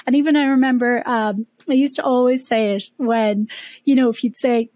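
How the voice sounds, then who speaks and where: A woman's voice: sits high, steady tone, fairly quick, mellow, no echo. A woman guest on a podcast, chatting casually and animatedly, laughing and acting out her own past questions. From Ireland. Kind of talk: casual conversational interview.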